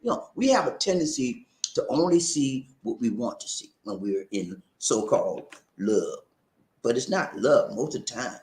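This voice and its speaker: In an echoey room, a man with a mid-range voice hosts a laid-back livestream at a moderate pace. He reads out comments from viewers, sounding animated and preachy, and keeps laughing and repeating phrases.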